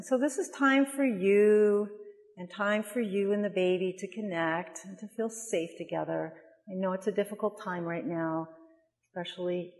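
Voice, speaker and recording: A woman leading a mother and baby yoga class, giving gentle, soothing cues and cooing at the babies. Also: fairly low pitch, in a large hall. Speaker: yoga instructor. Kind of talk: guided yoga class instruction.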